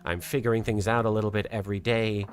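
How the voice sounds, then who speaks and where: A soft-spoken streamer with an English accent drifting toward American, chatting casually with a live chat and working toward a lighter, more feminine voice placement. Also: mid-range voice, little pitch movement, fast, slight background noise. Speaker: streamer and host. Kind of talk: casual livestream chat, reading out chat.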